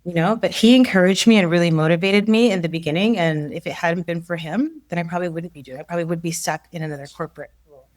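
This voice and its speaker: Woman, forties, coach, lowish voice, dry close sound, animated storytelling, laughs often. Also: quick pace, no echo. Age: 40s. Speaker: leadership coach, podcast guest. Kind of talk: casual interview conversation.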